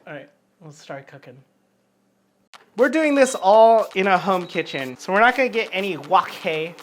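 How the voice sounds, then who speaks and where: A man's voice: high voice, very animated, moderate pace, a little hiss or hum. A drunk man hosting a casual cooking show, rambling, joking and swearing freely as he cooks in a home kitchen.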